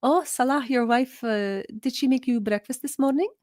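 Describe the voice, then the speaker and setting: A woman's voice: high voice, normal speed, darkish tone, no room sound, clean studio sound, pitched above the performer's own voice, close to an everyday voice. A woman putting on a prying, falsely sweet auntie. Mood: prying sweetly. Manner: sugary, prying questions. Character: nosy meddling middle-aged auntie, falsely sweet.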